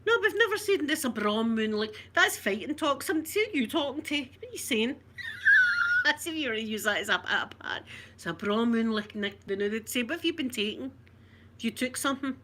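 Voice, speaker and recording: A woman's voice: on the high side, expressive, normal speed, bright, forceful tone. A Scottish woman from Scotland in casual live chat, talking to viewers, laughing often and reading out their comments. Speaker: vlogger.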